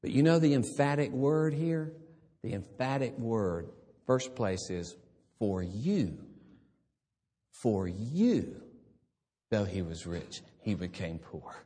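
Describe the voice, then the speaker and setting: A man preaching a sermon, swinging between hushed, quiet passages and loud, emphatic ones. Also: lowish voice, very animated, slow, long pauses, husky, long reverb tail.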